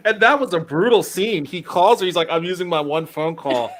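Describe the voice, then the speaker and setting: A man's voice: high-pitched, normal speed, a crowd in the background. A man appearing as a guest on a video-call podcast, giving wry, opinionated commentary on a film. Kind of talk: casual chat.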